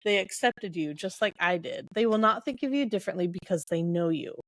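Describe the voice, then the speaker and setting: A woman's voice: lowish voice, animated, a little fast, close to an everyday voice. An earnest, devoted young man from a fantasy novel, tender in every line, read out by a woman in her own voice. The delivery stays plain and close to her normal speech. The sound is dry, with no room echo.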